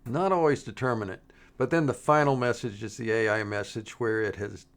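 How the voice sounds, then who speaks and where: A man presenting a coding tutorial in a relaxed, halting way, with frequent pauses and restarts as he works through the demo. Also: mid-range voice. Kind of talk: screen-recorded coding tutorial.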